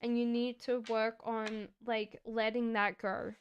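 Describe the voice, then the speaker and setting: A woman doing a live-stream tarot reading, talking in a slow, reflective, chatty way and giggling now and then. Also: a little high, little pitch movement, smooth, dry recording, lo-fi sound. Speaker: tarot reader.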